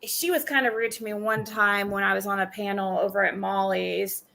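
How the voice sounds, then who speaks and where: Bright-voiced woman rambling casually. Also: medium pitch, fairly even intonation, moderate pace, creaky. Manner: rambling, hedging with fillers. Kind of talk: casual stream chat.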